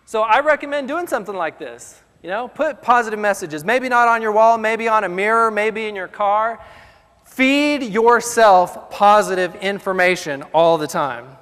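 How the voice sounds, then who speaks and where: A man with a notably high voice delivers a motivational talk in a loose, conversational way. He gets animated and plays out the voices in his head. His words ring out with a long reverb trail. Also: moderate pace, smooth. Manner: animated, acts out inner voices. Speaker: motivational speaker. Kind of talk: motivational speech.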